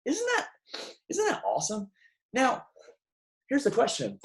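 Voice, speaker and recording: A man's voice: fairly high pitch, wildly swooping pitch, a little slow, pauses often, poor audio. A young man giving a devotional sermon in a casual, emphatic way, with many restarts. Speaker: preacher.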